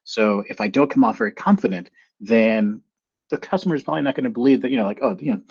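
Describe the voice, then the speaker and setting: A man working as a solution engineer, telling stories in a casual panel chat and acting out the people he quotes with big jumps in pitch. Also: quick pace, gravelly, slightly rough. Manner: animated storytelling, voices quotes with pitch jumps. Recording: lo-fi video call audio.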